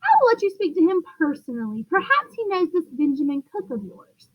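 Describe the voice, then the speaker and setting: A woman's voice: extremely high pitch, very animated, brisk, highs cut off, pitched above the performer's own voice. A woman reading aloud, voicing a polite but muddled city hall clerk on the telephone who keeps mishearing.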